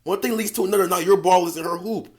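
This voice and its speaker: This man has a high voice and talks fast while handing out dating advice as a coach. He loops back on the same phrases, swears freely and says bro a lot, all in loose, emphatic street slang.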